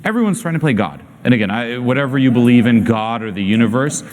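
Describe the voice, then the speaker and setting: A man's voice: medium pitch, expressive, fast, a little mellow. A young man coaching a group, blunt and emphatic, swearing freely and firing rhetorical questions. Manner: asks many rhetorical questions. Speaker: self-help coach. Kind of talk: coaching session.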